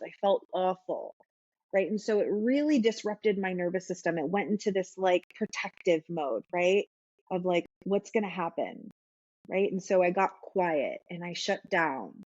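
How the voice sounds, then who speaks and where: A woman's voice: on the low side, moderate pace, darkish tone, no echo, muffled recording. A woman guest explaining trauma and the nervous system in a patient, conversational way, often checking in with "right?". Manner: explains patiently, with frequent "right?" tag questions.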